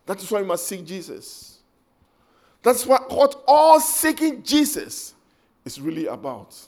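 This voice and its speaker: A man's voice: high voice, sing-song, unhurried, a little mellow. A man preaching an emotional, impassioned sermon.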